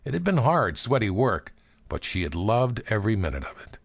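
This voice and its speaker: A man narrating an audiobook in a measured, expressive storytelling manner. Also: lowish voice, vocal fry, slightly rough.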